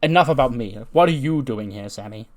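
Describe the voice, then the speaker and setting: A man's voice: medium pitch, steady tone, moderate pace, a little mellow, lightly acted. A man voicing a passionate male pro wrestler who gives his best friend a rousing pep talk in a game storyline. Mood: emphatic. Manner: emphatic, rousing speech.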